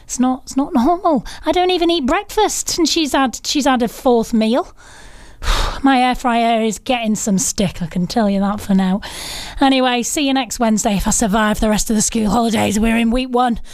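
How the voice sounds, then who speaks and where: A woman's voice: fairly high pitch, normal speed, a little mellow, no echo. A woman in her thirties presenting a casual radio chart rundown, chatty with cheeky asides and self-deprecating jokes. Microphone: studio microphone.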